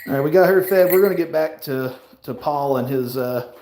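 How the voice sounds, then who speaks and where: A man hosting a casual livestream, talking to a friend and cooing at his pet in a high sing-song voice. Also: brisk, darkish tone, slight background noise, poor audio. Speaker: livestream host.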